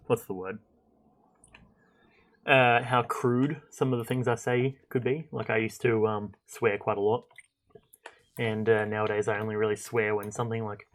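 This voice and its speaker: A young man streaming a game, chatting casually and thinking out loud with lots of fillers and restarts. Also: on the low side, vocal fry. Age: young adult. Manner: rambling, chatty, thinks aloud with many fillers. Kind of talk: casual gameplay commentary.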